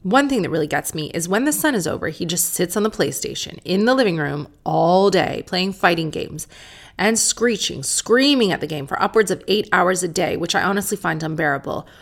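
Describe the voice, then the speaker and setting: A woman's voice: on the low side, lively intonation, moderate pace, vocal fry, fairly bright tone. A woman hosting a podcast, talking candidly and sardonically with some swearing, and reading out listener letters. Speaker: podcast host. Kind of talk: casual solo podcast talk.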